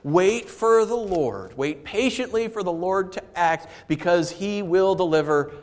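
Pastor preaching in a reverberant hall. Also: male voice, high voice, unhurried. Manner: conversational preaching with lively storytelling and audience asides. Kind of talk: sermon. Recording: long reverb of a large hall.

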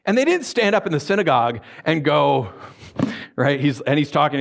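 Male preacher, mid-high voice, animated and conversational sermon style. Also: a little fast, vocal fry. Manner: animated storytelling with acted-out voices.

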